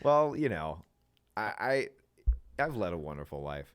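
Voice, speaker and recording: Laid-back, rambling podcast guy, slightly low. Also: big pitch swings, unhurried, clear, resonant tone, no echo, clean studio sound. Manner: rambling, profane, laughs often. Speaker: podcast co-host. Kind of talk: casual chat.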